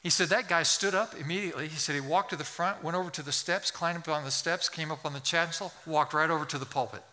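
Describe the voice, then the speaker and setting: Bright-voiced male pastor preaching. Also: on the high side, quick pace. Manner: storytelling, rising to fervent pleading. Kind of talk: sermon. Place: church sanctuary.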